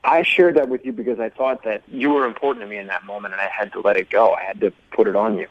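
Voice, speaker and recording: A man's voice: lowish voice, steady tone, fast talker, a little hiss or hum. A man calling in to a radio show, earnest and a little wounded. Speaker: caller. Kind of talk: casual phone call on radio. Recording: muffled phone line.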